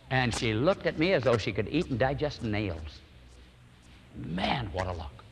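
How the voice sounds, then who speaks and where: An older male pastor telling a personal story as a fervent, lively sermon. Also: on the high side, normal speed, husky, in a large hall.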